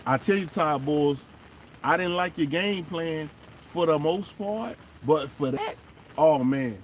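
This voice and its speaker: A man hosting a fan show, giving animated, emphatic casual commentary and talking straight to the players. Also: fairly high pitch, measured pace, a little hiss or hum. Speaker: sports fan show host.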